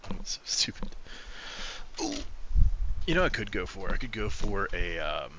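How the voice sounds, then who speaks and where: A man's voice: low voice, big pitch swings, normal speed, lo-fi sound, noisy background. A young man streaming a video game, cursing and muttering his reactions to himself. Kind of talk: casual gaming commentary.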